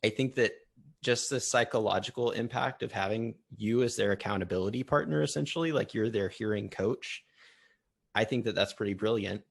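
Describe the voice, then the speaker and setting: Low, gravelly-voiced man host. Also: brisk. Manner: thoughtful, meandering questions. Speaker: podcast host. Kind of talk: casual interview talk.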